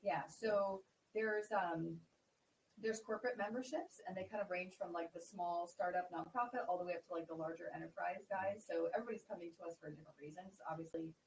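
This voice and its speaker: A woman guest answers interview questions quickly, with a rather low, gravelly voice. She sounds distant from the microphone, with faint noise behind her. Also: fairly even intonation. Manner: quick, explanatory, uses fillers like "like" and "um". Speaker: tech organization CEO, guest.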